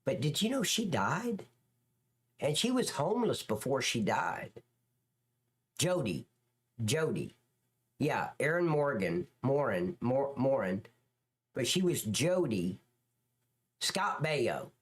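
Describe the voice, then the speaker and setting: Speaking slowly but very animatedly, this man's mid-range voice has a slightly rough texture. He runs a casual live-stream chat, wandering crudely from topic to topic and responding to the chat as he goes.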